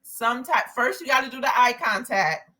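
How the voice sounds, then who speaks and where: Woman, podcast co-host, casual explaining, fairly high voice, bright. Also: animated, normal speed. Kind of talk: casual chat.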